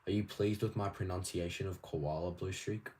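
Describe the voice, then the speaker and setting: A man with an Australian accent chatting casually on a livestream, reading viewers' questions aloud and answering in a rambling, animated way. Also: deep voice, slightly rough. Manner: rambling and animated, quick asides. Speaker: toy collector streamer.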